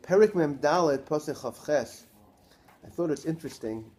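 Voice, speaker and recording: Rabbi guy giving a torah class, pretty high voice, lively, keeps asking the room questions. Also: normal speed, slight background noise. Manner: animated, poses rhetorical questions to listeners.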